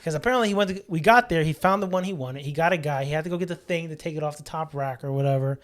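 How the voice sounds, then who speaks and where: A man's voice: on the high side, rapid-fire. A man co-hosting a podcast, telling funny family stories in casual chat, laughing and swearing freely. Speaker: podcast co-host.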